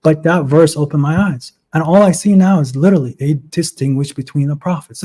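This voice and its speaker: A man's voice: on the high side, brisk, dark tone. A man in his twenties on a video call, telling his story earnestly and with emotion in a casual livestream chat. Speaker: guest.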